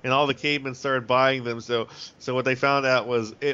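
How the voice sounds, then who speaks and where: A man co-hosting a podcast in casual chat, quick to joke, often stumbling over repeated words. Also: medium pitch, flat delivery, sharp tone, smooth. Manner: quick to joke, stammering restarts. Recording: dull lo-fi podcast audio.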